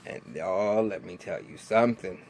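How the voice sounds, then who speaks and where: A man giving a casual vlog review of a TV episode, animated and profane, with lots of restarts and laughing asides. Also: sits low, moderate pace, vocal fry, a little hiss or hum. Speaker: TV show reviewer.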